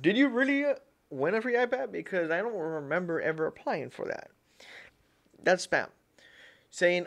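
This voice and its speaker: A man's voice: sits high, animated, moderate pace, vocal fry, pauses often, fairly bright tone. A man hosting a casual tech-tips livestream, rambling and repeating himself, often calling his viewers "guys". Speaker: livestream host.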